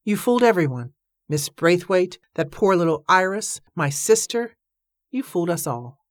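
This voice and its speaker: A woman reading the part of a heartbroken man who speaks softly and bitterly. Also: on the low side, sing-song, moderate pace, dry recording, studio quality. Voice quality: soft, sad and accusing.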